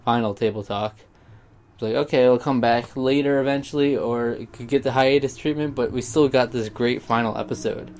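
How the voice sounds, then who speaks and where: A man's voice: mid-range voice, normal speed, darkish tone. Rambling young man vlogging. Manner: rambling, sidetracked, heartfelt. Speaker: YouTuber. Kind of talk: casual vlog monologue.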